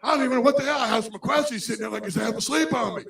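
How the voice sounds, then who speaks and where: A man doing an impression of a gruff, exasperated older male wrestler-podcaster, grumbling loudly and fast. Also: very high voice, pitched above the performer's own voice, full character voice. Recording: echoey room, far from mic.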